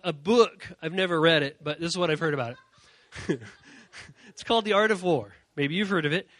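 A man giving an energetic youth sermon, animated, repeating his key points and acting out quoted voices. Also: high-pitched, dry recording. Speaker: youth speaker.

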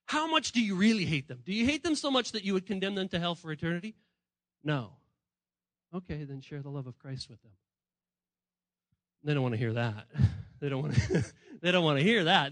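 Bright high-voiced male pastor preaching. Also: no room sound, poor audio. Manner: conversational preaching, acting out voices of people he quotes; swings between hushed and emphatic. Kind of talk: sermon.

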